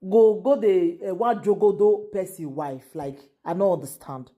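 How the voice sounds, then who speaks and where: A woman with a Nigerian Pidgin accent talks through the latest gossip in a casual, exclaiming way, repeating herself in disbelief. Her voice sits a little low and sounds mellow and dark. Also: moderate pace. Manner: exclaiming, repetitive, incredulous. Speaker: gossip show host.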